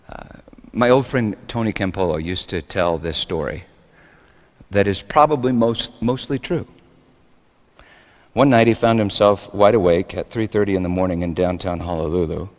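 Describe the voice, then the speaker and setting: A man's voice: deep voice, measured pace, pauses often. A male pastor preaching a sermon, telling stories in an earnest way. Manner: storytelling, earnest. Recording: long hall reverb.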